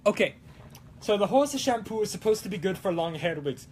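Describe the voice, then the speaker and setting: A man's voice: high voice, expressive, fairly quick, darkish tone, a little hiss or hum, pitched above the performer's own voice. A man voicing a hammy Italian-accented rancher type on a livestream, theatrical and rambling, sing-song. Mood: playful. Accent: put-on Italian. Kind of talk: livestream chat in character.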